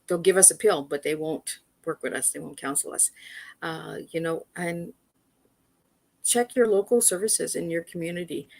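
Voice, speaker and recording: Woman, guest on a livestream, earnest, repeats herself, gravelly, dry sound. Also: on the low side, no echo. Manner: earnest, repeats words, advises listeners directly. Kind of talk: personal awareness talk. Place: livestream video call.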